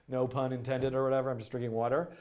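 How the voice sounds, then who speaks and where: A man hosting a live-stream coding tutorial, talking in an excitable, rambling way full of fillers and restarts. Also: medium pitch, fast. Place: indoor studio.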